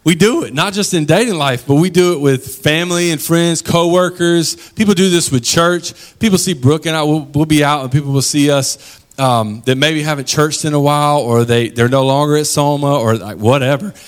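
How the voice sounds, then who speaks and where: A man's voice: a little high, normal speed. Man preaching a casual, slangy sermon. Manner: casual, conversational storytelling with slangy asides. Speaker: pastor.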